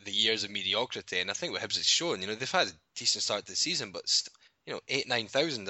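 A man's voice: fairly low pitch, sharp tone, no echo. A Scottish man co-hosting a casual football podcast, rambling with restarts and laughing often. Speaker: podcast co-host. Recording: dull lo-fi audio.

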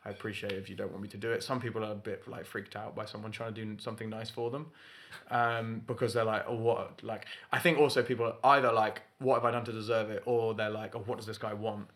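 A young man in casual chat, telling stories with lively mock voices for the people in them. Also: fairly low pitch. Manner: animated storytelling with quick mock voices. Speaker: podcast co-host.

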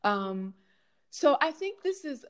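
A woman's voice: high voice, big pitch swings, slow pace. Impassioned woman posing rhetorical questions. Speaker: guest speaker, college educator. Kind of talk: conversational Q&A answers.

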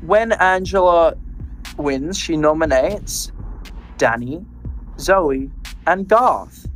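A man co-hosting a podcast, casually recapping episodes and telling what happened in a relaxed, storytelling way. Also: on the high side, very slow, soft background music, low-quality recording. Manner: walks through events in a relaxed, storytelling way. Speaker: podcast co-host.

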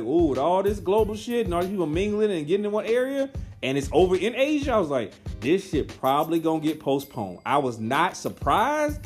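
A young man rants in a loose, profane monologue, jumping between complaints and jokes. His voice sits a little high for a man, and soft music plays underneath. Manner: profane, animated, ranting. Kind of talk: casual ranting monologue.

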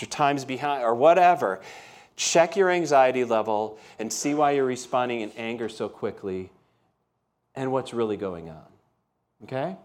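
A man preaching a sermon as pastor, telling everyday stories in a conversational way and often checking in with the congregation. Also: medium pitch. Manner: conversational storytelling, asks the congregation questions. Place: church.

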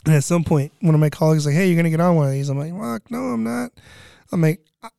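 A man in his thirties, a disaster relief cook appearing as a guest, tells stories from relief work in a casual chat, rambling, swearing, and saying "you know" a lot. His fairly high voice is steady, rapid-fire, mellow, and clean, in a dry, studio-quality recording.

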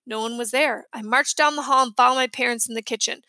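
A woman reading a children's chapter book aloud with lively storytelling. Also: a little high, a little fast, hardly any pauses, dry recording. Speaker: reader.

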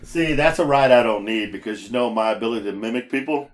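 A man's voice: mid-range voice, fast talker. A man co-hosting a casual podcast, telling rideshare-driving stories with lots of laughter and acted-out voices. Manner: animated storyteller, laughs often, acts out voices. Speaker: podcast co-host; rideshare driver. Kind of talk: casual chat.

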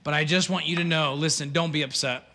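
High bright guy preaching, chatty asides, big echoey hall. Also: fast. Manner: animated, conversational preaching with asides and laughs. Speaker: pastor. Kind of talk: sermon.

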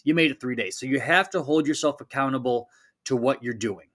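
A man in his thirties hosting a solo fitness podcast, talking in a casual, energetic coaching tone and acting out little quoted voices. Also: fairly high pitch, fairly quick.

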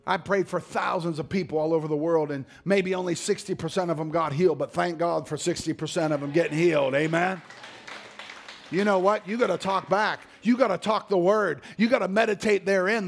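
A middle-aged male pastor preaching a sermon, dropping to low murmurs and climbing to shouted exhortation. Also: steady tone, brisk, gravelly.

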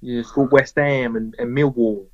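A man's voice: medium pitch, steady tone, moderate pace, muffled recording, a crowd in the background. A man co-hosting a podcast, talking casually with hesitation and self-deprecating remarks. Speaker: podcast co-host. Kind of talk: casual chat.

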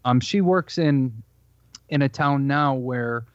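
A man with a Chicago accent co-hosting a casual podcast, telling stories in a relaxed, dry way. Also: medium pitch, slow, no echo. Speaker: co-host. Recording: dull, slightly lo-fi dry audio.

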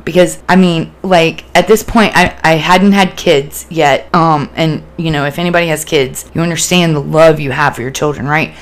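A woman with a fairly low voice hosts a casual podcast about self-love. She talks bluntly and earnestly, swears freely and acts out her own inner voice. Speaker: podcast host. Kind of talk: casual self-help talk.

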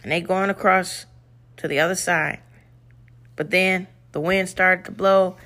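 A woman's voice: on the low side, fairly even intonation, measured pace, a bit bright. Earnest woman teaching scripture. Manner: earnest, conversational, emphatic. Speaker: devotional podcast host. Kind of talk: scripture reading and devotional teaching.

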